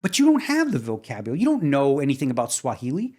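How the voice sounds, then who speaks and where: Man, podcast co-host, casual and animated, excitable delivery with pitch jumps on the big points. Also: fast. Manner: excitable, animated storyteller who jumps up in pitch when amazed. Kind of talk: casual chat.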